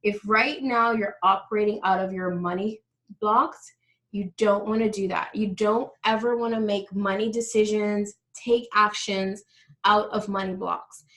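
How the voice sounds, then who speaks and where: A woman's voice: mid-range voice, steady tone, unhurried, fairly bright tone, low-quality recording. A woman teaching a live online workshop on money mindset, explaining steps and speaking directly to her audience.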